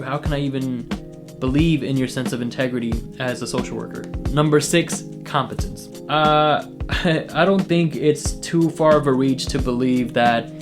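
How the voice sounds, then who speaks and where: A young man who is a social work student, giving an earnest, emphatic opinion commentary for his vlog and going through his points one by one. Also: medium pitch. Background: guitar music.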